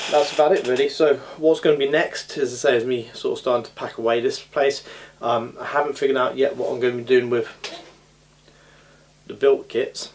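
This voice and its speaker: A man chatting casually in a hobby vlog from his home hobby room, rambling with frequent ums and uhs, recorded on a camera mic. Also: medium pitch. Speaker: scale model hobby vlogger. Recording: audible background noise.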